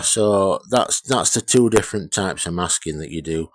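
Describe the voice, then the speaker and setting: A man rambling through a casual workshop vlog about restoring a radio, swearing freely and joking about himself as he gives shout-outs. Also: low-pitched, lively intonation, normal speed. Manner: rambling, sweary, self-deprecating.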